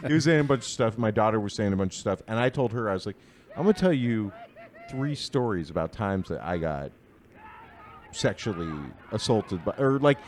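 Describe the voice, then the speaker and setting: A middle-aged man, a podcast co-host, spins crude comic stories in a lively, swooping voice that sits a little low. He laughs often and drops to a hushed mutter mid-story. Faint noise hums behind him. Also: fairly quick. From Southern California. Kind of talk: casual comedic storytelling.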